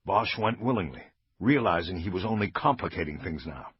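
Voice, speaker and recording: A male audiobook narrator with a low, husky voice who reads crime scenes with lively, animated delivery. He is heard on a dull, lo-fi recording with faint music underneath. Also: a little fast. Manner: lively, dramatic reading. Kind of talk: scripted narration.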